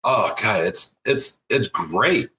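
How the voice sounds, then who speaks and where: A man chatting as a podcast guest, speaking in an animated, emphatic way. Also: fairly low pitch, takes it slowly. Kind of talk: casual chat.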